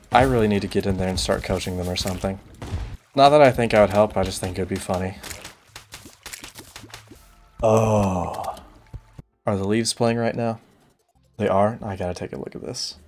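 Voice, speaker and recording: A young man streaming a video game, tossing off deadpan absurd jokes and mock complaints in casual commentary. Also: fairly low pitch, moderate pace, pauses often, soft background music.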